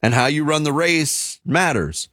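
Guy on sports talk radio, lively chatty delivery, dry sound. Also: fairly high pitch, unhurried, no room sound. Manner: lively, conversational.

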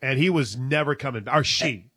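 A man's voice: mid-range voice, fairly quick, sharp tone, husky, no echo, clean studio sound. A man co-hosting a casual chat, teasing and prompting his guest with questions.

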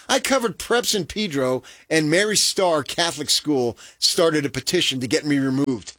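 A man co-hosting a sports talk show, joking wryly in a lively, animated way. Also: on the high side, normal speed, few pauses, no echo, studio quality. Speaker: sports radio co-host.

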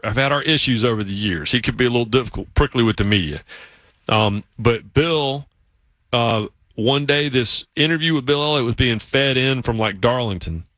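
A man with a Southern US accent, hosting a sports radio show and telling stories in a lively, casual way. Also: medium pitch, no echo. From South Carolina, US South. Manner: animated, acts out voices in stories.

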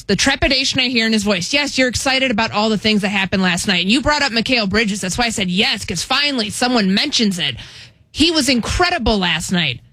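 Bright-voiced female panelist, dry close sound, confident and stat-heavy. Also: mid-range voice, no echo. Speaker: sports talk panelist. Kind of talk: casual sports debate.

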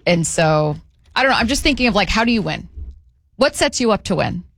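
A woman's voice: mid-range voice, sing-song, a little fast, gravelly, a bit bright, no echo. A woman co-hosting a casual sports talk show, giving firm opinions and often restarting her sentences. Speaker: co-host.

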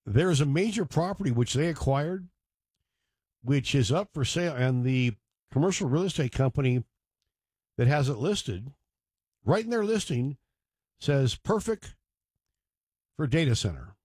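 A man's voice: mid-range voice, animated, measured pace, pauses often, a little mellow, breathy edge, no echo, studio quality. A man hosting a talk radio show, rambling and digressing with joking asides. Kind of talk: casual talk radio monologue.

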